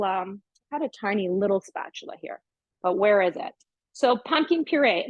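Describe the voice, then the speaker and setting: A woman's voice: on the high side, no echo. A middle-aged woman hosting a casual cooking demonstration in her home kitchen, chatting upbeat as she works. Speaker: cooking show host. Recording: dry, dull lo-fi sound.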